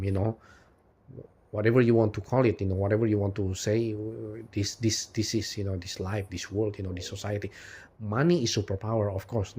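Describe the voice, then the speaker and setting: A man's voice: fairly low pitch, darkish tone. A man delivering an unscripted philosophical monologue as a video host, rambling with constant "you know"s and restarts, swearing out of frustration and laughing between points. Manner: frustrated, swears and then apologizes.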